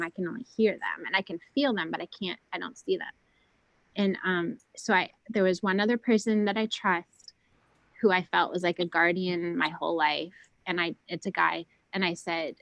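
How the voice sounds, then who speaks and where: A woman's voice: lowish voice, dry recording, poor audio. Rambling woman with a dry sound. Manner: rambling, self-interrupting, many fillers; speaks softly to keep her voice down. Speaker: guest on a spiritual round table. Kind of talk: casual chat.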